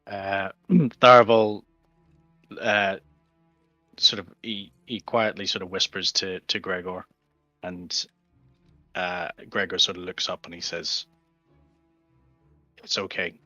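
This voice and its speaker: A man's voice: deep voice, little pitch movement, slow pace, pauses often, pushed and bright, dry recording, faint music behind. A man playing in a tabletop game, hesitantly describing his character's actions. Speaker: player. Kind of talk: casual tabletop play. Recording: dull lo-fi mic.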